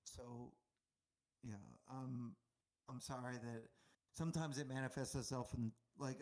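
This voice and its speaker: A man's voice: medium pitch, steady tone, a little slow, darkish tone. A man co-hosting a casual talk show, rambling and swearing freely and putting himself down. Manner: profane, rambling, self-deprecating. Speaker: departing co-host. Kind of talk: casual podcast chat.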